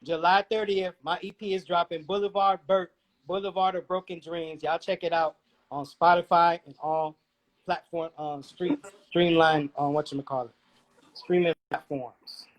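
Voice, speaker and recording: Playful, higher-voiced rapper chatting. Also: male voice, fairly even intonation, moderate pace, low-quality recording. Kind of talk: casual chat.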